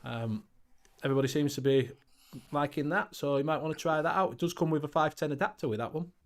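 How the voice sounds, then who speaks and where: A man's voice: a little high, fast talker. A man hosting a live stream, reading viewer questions aloud with lots of ums and laughter. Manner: reads chat aloud, lots of fillers and laughs. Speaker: stream host. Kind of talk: casual live-stream chat.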